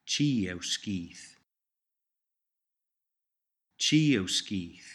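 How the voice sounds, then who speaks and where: A man narrating a scripted language course, giving slow, measured prompts and repeating each phrase twice. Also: deep voice.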